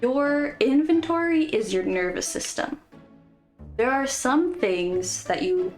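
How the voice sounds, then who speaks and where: A woman vlogger giving casual, playful commentary with jokes and asides. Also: mid-range voice. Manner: playful, jokey, conversational.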